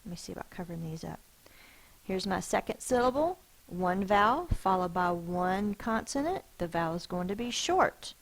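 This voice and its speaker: A woman teacher giving a phonics lesson, sounding out words slowly and carefully. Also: mid-range voice, expressive, rough recording.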